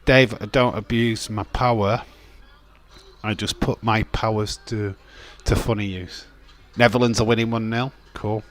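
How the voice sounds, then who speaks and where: A man's voice: fairly low pitch, steady tone, measured pace. A young man casually commenting on a wrestling watch-along, rambling and swearing while reading chat. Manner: rambling, chatty, swears and laughs, reads chat aloud. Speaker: streamer hosting a watch-along. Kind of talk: casual live-stream commentary.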